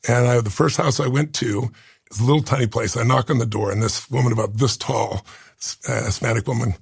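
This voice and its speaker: A man in his sixties with a gravelly, husky voice. He tells a deeply personal story in an interview, earnest and intense. The sound is dry and close to the mic. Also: fairly quick, no echo. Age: 60s. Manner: earnest, intense, rough gravelly voice, moved to tears. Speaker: interview guest.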